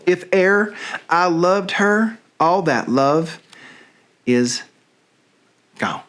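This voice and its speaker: A man's voice: high-pitched, animated, drawn-out words, fairly bright tone, heavily acted. Demetrius, a man reading a scornful Southern suitor. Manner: reads Shakespeare verse in a put-on drawl.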